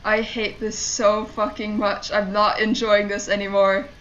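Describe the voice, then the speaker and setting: A woman's voice: medium pitch, completely flat delivery, unhurried, fairly bright tone, muffled recording. A woman streaming a game, talking to herself and her chat in frustrated, swearing casual commentary. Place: home streaming setup.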